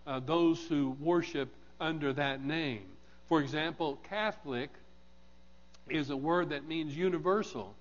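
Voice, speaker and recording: A man preaching a morning sermon, measured and deliberate, repeating key phrases with emphasis. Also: a little high. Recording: dull sound in a reverberant hall.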